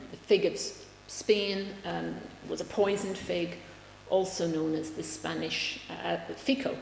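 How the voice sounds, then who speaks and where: A woman giving a public lecture, wry in tone, reading quotations aloud with emphasis. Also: on the low side. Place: large lecture room. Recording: echoey hall, faint background hum.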